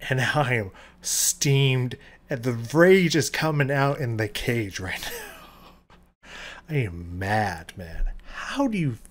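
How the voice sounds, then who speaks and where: A man giving casual reaction commentary, ranting and swearing, swinging between loud outbursts and low muttering, his voice strained. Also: sing-song, slow pace. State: voice strained, recovering. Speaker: video reactor.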